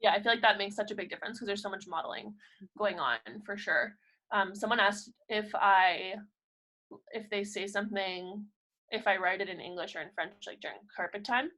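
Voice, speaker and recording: A young woman with a bright, ringing voice talks fast in a relaxed group chat. She is a kindergarten teacher who slips into animated voices when quoting her students and herself. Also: mid-range voice, low-quality recording. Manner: animated, quick, acts out classroom quotes. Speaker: kindergarten French immersion teacher, host.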